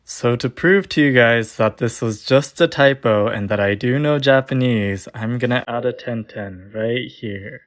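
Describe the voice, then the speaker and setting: A man's voice: mid-range voice, a little slow, hardly any pauses. A young man giving a comedic short-form language lesson, jokey and playful, full of puns, recorded on a phone. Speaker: language teacher on short videos.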